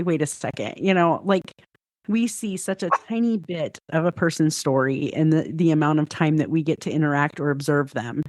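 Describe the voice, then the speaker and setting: A woman's voice: low-pitched, darkish tone, no echo. Reflective middle-aged woman, dry sound. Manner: reflective, storytelling, frequent hedging. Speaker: podcast guest. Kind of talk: casual conversation.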